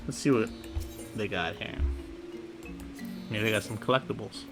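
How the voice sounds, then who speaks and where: A man's voice: fairly low pitch, moderate pace, music in the background. A man casually thinking aloud while playing a video game. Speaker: gamer. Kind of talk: casual gameplay commentary.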